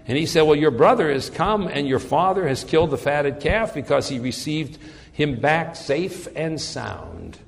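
A man's voice: fairly high pitch, lively intonation, moderate pace, creaky. Earnest preaching man, echoing hall. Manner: earnest, repeats words while searching for phrasing. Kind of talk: sermon.

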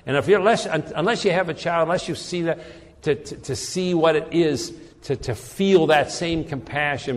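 Earnest preaching man, echoing hall. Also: mid-range voice. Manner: earnest, repeats words while searching for phrasing. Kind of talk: sermon.

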